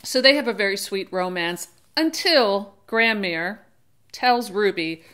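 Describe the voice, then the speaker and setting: A woman's voice: medium pitch, animated, measured pace, a bit bright, smooth. A woman hosting her own channel, chatting casually through a book discussion and often correcting herself as she goes. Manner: chatty, digressive, often restarts and self-corrects; acts out characters in brief quoted voices. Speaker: book reviewer and channel host.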